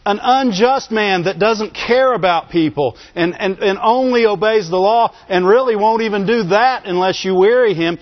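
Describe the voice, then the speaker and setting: A man preaching a sermon in a fairly high voice. He calls out "Amen?" to the congregation and repeats phrases to drive his points home. The recording sounds dull and lo-fi. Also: expressive, unhurried. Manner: asks the congregation for call-and-response "Amen?"; repeats phrases for emphasis and chuckles between points.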